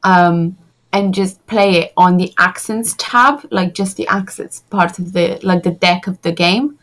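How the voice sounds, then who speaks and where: A woman guest chatting casually on a gaming podcast with quick, offhand remarks. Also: fairly low pitch, fairly bright tone. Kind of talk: casual chat.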